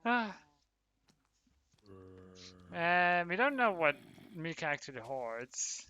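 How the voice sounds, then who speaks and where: A man's voice: sits high, very animated, slow pace, sharp tone, smooth, dull audio. A man chatting casually with viewers while streaming a game, laughing often and talking to his chat. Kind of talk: casual livestream commentary while gaming.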